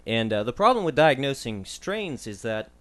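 A man's voice: medium pitch, big pitch swings, fairly bright tone. Young man explaining sports injuries. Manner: measured, explanatory, with frequent ums and uhs. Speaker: medical contributor on a sports podcast. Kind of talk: casual podcast discussion.

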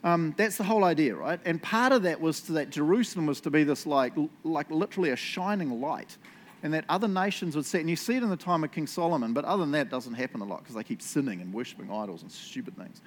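A man's voice: fairly high pitch, expressive, fast talker. A man preaching a casual sermon, chatty, with frequent laughs and tag questions. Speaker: pastor.

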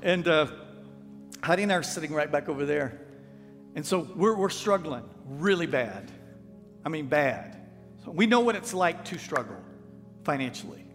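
A man with a drawl preaches in a lively, folksy way, and he acts out the people in his stories. His voice sits high for a man. It carries through a reverberant church hall with faint music underneath. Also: normal speed, long pauses. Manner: folksy, animated, acts out quotes. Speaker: pastor. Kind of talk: storytelling sermon. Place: church sanctuary.

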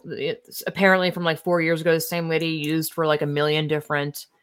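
A woman's voice: low-pitched, level tone, a little fast. A woman hosting casual political commentary, reading out articles and reacting in a blunt, sarcastic, profane way.

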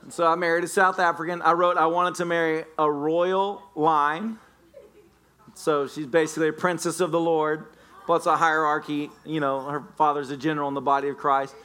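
A man's voice: a little high, level tone, normal speed, pushed and bright. A man preaching a sermon as a pastor, joking and playfully telling stories to the congregation. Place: church sanctuary.

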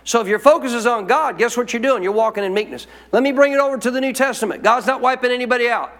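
A man's voice: very high-pitched, quick pace, fairly bright tone. A male pastor preaching a sermon in a church, emphatic, calling out to the congregation for responses. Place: church sanctuary. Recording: long hall reverb.

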